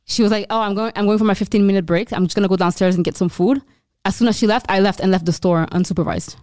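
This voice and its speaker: A young woman from Montreal chats casually on a podcast, circling back and restarting her sentences as she tells stories. Her pitch sits in the middle, and the recording is dry and close. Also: a little mellow, no echo. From Montreal, Quebec. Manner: rambling, halting restarts. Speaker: podcast guest, comedian. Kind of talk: casual storytelling chat.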